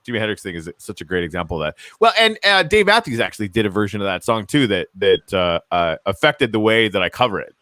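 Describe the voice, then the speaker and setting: A man's voice: on the low side, sing-song, fast, hardly any pauses, bright, forceful tone, no room sound. Young guy cohosting, gushing and rambling, dry close sound. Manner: enthusiastic, rambling with many fillers. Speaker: co-host. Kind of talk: casual podcast chat.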